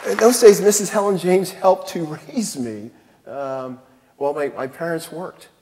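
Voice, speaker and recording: A man's voice: fairly high pitch, a little slow, crowd noise, noisy background. A man in his fifties, a commanding general, giving a keynote speech on a theatre stage and telling self-deprecating personal stories with frequent chuckles. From El Paso, Texas. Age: 50s. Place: theatre stage before an audience. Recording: long theatre reverb.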